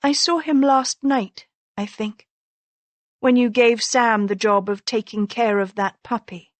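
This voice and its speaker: Clever, quick-tongued young noblewoman, as a woman narrator puts her on in a storybook reading. She speaks arch and teasing, in slow, measured phrases. The sound is close and dry. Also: fairly high pitch, fairly even intonation, dry recording, natural voice. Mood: earnest. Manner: arch, teasing, mock-concerned.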